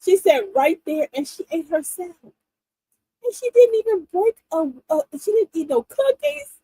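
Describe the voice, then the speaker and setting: Animated, high-voiced woman storyteller. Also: moderate pace, no room sound, poor audio. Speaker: livestream host. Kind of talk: casual chat to viewers.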